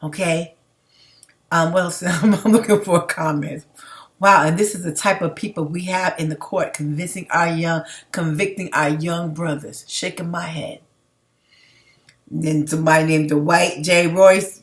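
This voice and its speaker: A woman's voice: on the low side, steady tone, a little slow. An outspoken woman giving casual, emphatic commentary as she reads out viewer comments, laughing between points. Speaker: livestream commentator.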